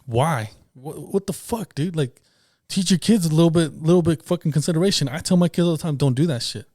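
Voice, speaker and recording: A man's voice: fairly high pitch, brisk, dark tone, dry recording, clean studio sound. A man and parent co-hosting a podcast, speaking earnestly and heatedly, swearing heavily in casual chat. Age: adult parent. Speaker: podcast co-host.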